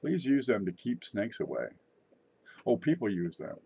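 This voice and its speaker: A man's voice: lowish voice, sing-song, normal speed, creaky, mellow, a little hiss or hum. A middle-aged man hosting his own channel, rambling and joking in a casual monologue. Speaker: channel host.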